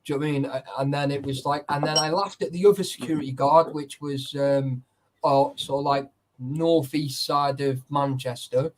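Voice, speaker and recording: A man telling a story in casual chat, animated and full of swearing. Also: fairly high pitch, moderate pace. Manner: animated, heavy swearing, acts out quotes. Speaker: urban explorer telling a story.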